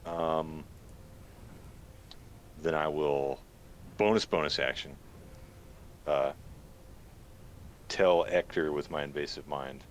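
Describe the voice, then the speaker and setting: A man's voice: very deep voice, slow, pauses often, a little hiss or hum. A man playing a tabletop role-playing game, checking spell rules aloud in a hesitant, casual way.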